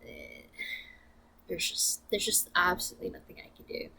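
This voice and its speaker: A woman's voice: on the low side, moderate pace, gravelly, pushed and bright, husky. Blunt, profane young woman venting. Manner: blunt and profane, rambling with many fillers. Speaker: vlogger. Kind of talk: casual venting to camera.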